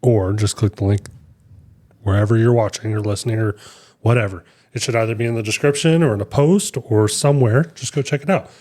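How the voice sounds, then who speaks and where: A man's voice: fairly low pitch, fairly quick, dark tone. Rambling man co-hosting a casual podcast. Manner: rambling storyteller, many fillers and restarts. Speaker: podcast co-host. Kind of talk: casual chat.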